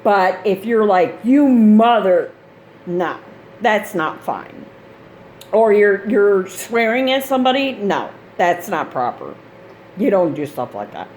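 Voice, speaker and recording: A woman's voice: mid-range voice, big pitch swings, a little slow, a little hiss or hum. A woman, a mother of grown kids, chatting in a rambling, casual vlog style about gaming gear, laughing often. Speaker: gaming channel host.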